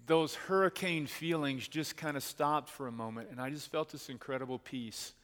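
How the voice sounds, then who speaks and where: A man preaching a sermon as pastor, telling a personal story in an earnest way and slowing down to stress key words. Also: medium pitch, a bit bright. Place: church sanctuary. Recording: long hall reverb.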